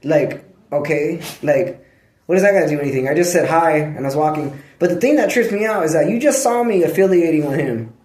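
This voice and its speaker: A man's voice: a little high, fast, a little mellow. A man talking in a loose, rambling vlog monologue, slangy and profane, sometimes breaking off to scold his dog. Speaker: vlogger. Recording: echoey room.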